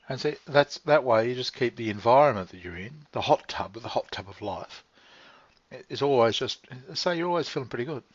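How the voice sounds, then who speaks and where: A man rambling easily through a casual monologue, unhurried and loose, dropping the odd swear word with a chuckle. His voice sits at an ordinary middle pitch. The recording is dry and a bit dull, like a cheap home mic. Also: expressive, no echo. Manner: meandering, laid-back, swears casually, chuckles. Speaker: vlogger. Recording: dry, slightly dull lo-fi sound.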